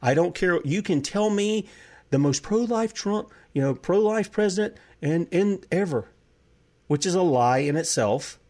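A man's voice: high voice, expressive, measured pace, a little mellow. Heated man ranting on air. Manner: heated, preachy, rhetorical questions. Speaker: host. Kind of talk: impassioned political talk show monologue.

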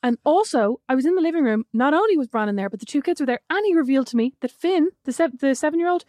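A woman co-hosting a casual podcast, telling an animated story full of asides. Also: sits high, fast talker, hardly any pauses, dry recording, studio quality. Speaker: podcast co-host. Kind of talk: casual chat.

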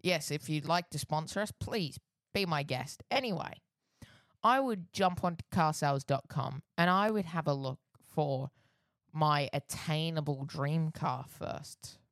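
A man's voice: on the high side, measured pace, fairly bright tone, dry recording. A man, co-hosting a casual podcast, with a dry and laid-back delivery. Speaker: podcast co-host.

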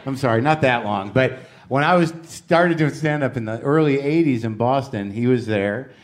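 A man hosting a live comedy interview on stage, giving warm short replies to a guest and then introducing the next comic to the audience. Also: medium pitch, normal speed. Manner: supportive, short affirmations, then emcee introductions. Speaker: host. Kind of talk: live podcast interview and emcee. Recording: live stage mic with audible crowd and noise.

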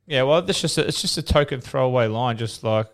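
A man's voice: medium pitch, a little fast. Laid-back Australian man bantering. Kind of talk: casual radio chat.

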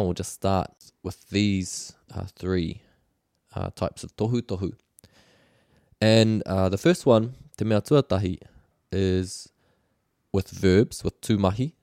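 A man's voice: sits low, mellow, no room sound, clean studio sound. A man giving a casual spoken language lesson, patient and explanatory, with frequent fillers and repeated words. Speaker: language teacher.

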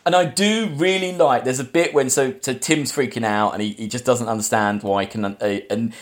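A man's voice: mid-range voice, a little fast. A man hosting a casual film-review podcast, rambling through plot retellings with lots of restarts. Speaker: podcast host.

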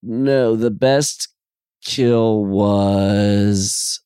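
A man's voice: on the low side, very slow, dark tone, smooth, no room sound, clean studio sound. A man co-hosting a podcast in casual chat, playful and rambling, often laughing. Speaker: podcast co-host.

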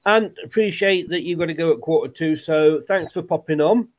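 A man hosting a casual football podcast, chatty and quick to laugh. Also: fairly high pitch, dull audio. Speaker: podcast host.

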